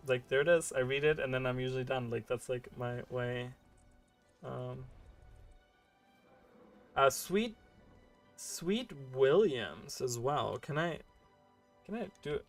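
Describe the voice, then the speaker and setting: A man's voice: mid-range voice, a bit bright. A man streaming a game and chatting casually, rambling with many fillers and restarts. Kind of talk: casual livestream chat while gaming.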